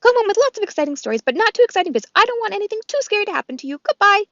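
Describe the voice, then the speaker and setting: A woman doing a squeaky, chattery squirrel. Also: sing-song, a bit bright, no room sound, lo-fi sound, exaggerated voice. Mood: excited. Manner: very high, fast, breathless chatter.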